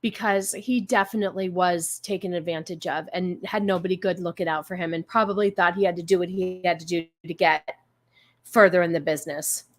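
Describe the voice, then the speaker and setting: A woman's voice: fairly low pitch, steady tone, fairly quick. A woman hosting a casual live stream, greeting viewers and musing aloud with many fillers and restarts. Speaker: stream host.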